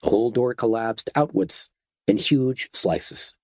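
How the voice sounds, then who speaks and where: A man giving a steady, dramatic scripted narration of a horror audiobook. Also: medium pitch, measured pace, gravelly, no room sound.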